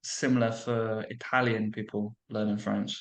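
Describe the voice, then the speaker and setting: A man's voice: on the low side, flat delivery, moderate pace. A British man hosting a casual chat about languages, talking in a loose, chatty way. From Britain. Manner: chatty, many likes and restarts. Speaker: language coach and host.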